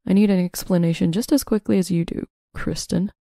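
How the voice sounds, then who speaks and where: A woman's voice: fairly low pitch, fairly even intonation, brisk, vocal fry, mellow, dry recording, studio quality. Woman reading as a cold young boyfriend. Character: cold young man, the mistress's real boyfriend.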